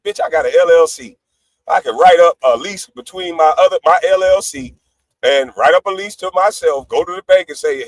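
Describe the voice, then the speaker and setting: Man, high voice, brash profane rant, loud outbursts and low asides, livestream panelist. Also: lively intonation, a little fast, dry recording, low-quality recording. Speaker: panelist on a live stream.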